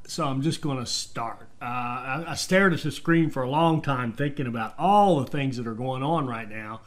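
A man's voice: a little high, a bit bright. A man casually commenting on his own gameplay as the host, thinking aloud with fillers and restarts. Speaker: game commentator. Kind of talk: casual let's-play commentary.

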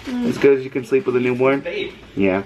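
A man's voice: medium pitch, huge pitch swings, brisk, dull audio, crowd noise. A man hosting a casual family vlog, chatting playfully with his kids and the viewers. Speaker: vlog host, father. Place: outdoors on a home porch.

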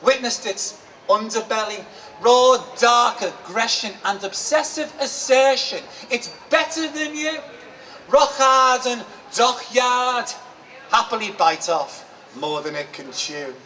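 A man's voice: very high-pitched, slow pace, sharp tone. A man with a Liverpool accent performing a poem live at a book market, with a rhythmic, emphatic, dramatic delivery. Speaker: performance poet. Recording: distant mic, faint background noise.

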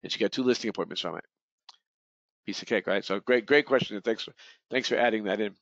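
A man's voice: lowish voice, fast talker, gravelly, fairly bright tone, dry recording. A man leading a real estate training webinar, talking in a rambling way with many restarts and repeated words. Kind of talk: webinar presentation. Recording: dull, lo-fi webinar audio.

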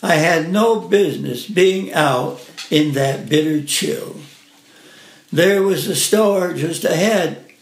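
A man with a high, gravelly voice reads a first-person story aloud slowly and gently. The recording has a roomy echo.

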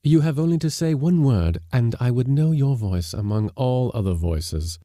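A man voicing an earnest, self-assured gentleman. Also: medium pitch, animated, normal speed, dry recording, studio quality, voice pushed up, lightly acted.

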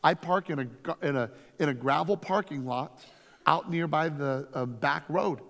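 A man, a lead pastor, teaching a conference workshop through energetic, emphatic stories. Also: a little high, moderate pace, vocal fry. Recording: long reverb from a hall.

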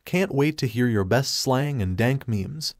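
A man's voice: mid-range voice, lively intonation, unhurried, no echo, studio quality. A man reading the lines of a snarky, sadistic male alien symbiote in a fan fiction story. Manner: snarky, sarcastic. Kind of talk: fan fiction read aloud.

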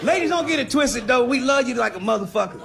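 A man doing profane, animated stand-up comedy, shouting punchlines and acting out arguments. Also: extremely high pitch, quick pace, vocal fry. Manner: profane, loud, animated, acts out characters.

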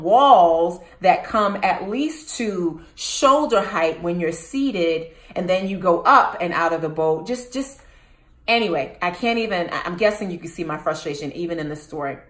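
A woman's voice: on the low side, reverberant. A woman hosting her own channel, telling a personal story to the camera and turning to ask the viewers questions. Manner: animated, addresses viewers with questions. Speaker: host.

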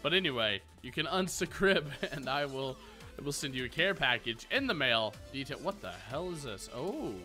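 A man's voice: medium pitch, very animated, normal speed, pushed and bright, faint music behind. A young man rambling through Minecraft commentary as a gaming YouTuber, full of self-mocking jokes. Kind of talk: casual Minecraft let's play commentary.

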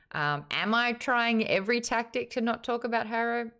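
A woman's voice: a little high, fairly quick, hardly any pauses, a bit bright. A woman streaming live, reading chat messages and a book aloud in a playful, giggly way.

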